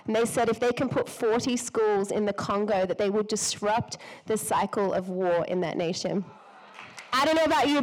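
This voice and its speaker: A woman hosting a live church women's event, slightly hoarse from a cold, bubbly and effusive, laughing often as she speaks to the audience on a stage mic. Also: on the high side, rough recording. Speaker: event host. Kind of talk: enthusiastic welcome speech to a live audience. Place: event hall before an audience.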